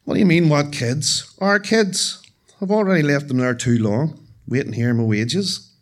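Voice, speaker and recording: A man's voice: medium pitch, lively intonation, normal speed. A man voicing his elderly mother with dementia, fussing and motherly in a raised voice. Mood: agitated.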